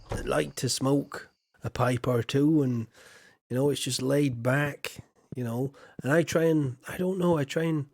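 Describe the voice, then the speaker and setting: With a mid-range, slightly mellow and husky voice, a man from Yorkshire in England chats while streaming a farming game. His talk is casual and wandering, self-deprecating and heavy on fillers.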